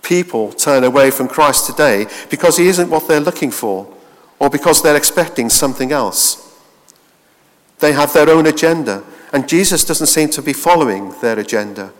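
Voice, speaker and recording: A man preaching a steady expository sermon, with small restarts now and then. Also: fairly high pitch, normal speed. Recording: reverberant hall.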